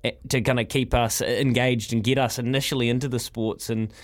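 A man's voice: medium pitch, flat delivery, a little fast. Enthusiastic New Zealand radio host, man. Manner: enthusiastic, rambling with restarts. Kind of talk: casual radio chat.

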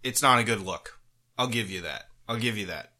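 A man co-hosting a casual sports podcast, laid-back and quick to laugh, with blunt swearing. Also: lowish voice, pushed and bright. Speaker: podcast co-host. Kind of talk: casual chat.

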